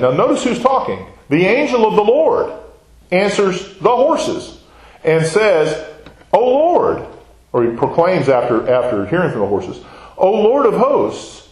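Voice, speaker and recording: A man leads a Bible study in a chatty, questioning way. His voice sits a little high and swings widely in pitch. The room around him is echoey. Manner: conversational, asks the class questions. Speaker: Bible class teacher.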